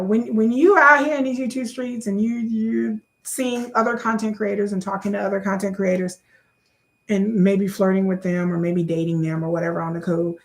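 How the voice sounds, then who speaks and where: A woman vlogger chats to her viewers in a loose, sassy, joking way. Her voice has a gravelly, fry-laden edge and middling pitch, and it shoots up high when she gets excited. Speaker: YouTube creator. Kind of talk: casual chat to camera.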